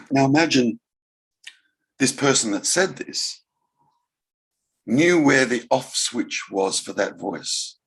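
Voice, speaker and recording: A man giving an unhurried spiritual talk, pausing often and musing gently. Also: on the low side, creaky. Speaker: spiritual teacher. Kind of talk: slow reflective talk.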